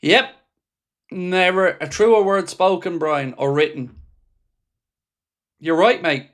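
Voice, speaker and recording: High-voiced and slow, with a slightly bright sound, this fan channel host runs a live football watchalong. He commentates in frustration, swears freely, and reads his viewers' chat messages aloud.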